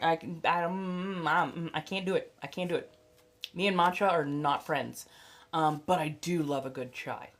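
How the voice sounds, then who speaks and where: A young adult woman hosting a casual livestream, chatty and blunt, swearing freely and dotting her talk with fillers and laughs. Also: low-pitched. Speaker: livestream host and tarot reader.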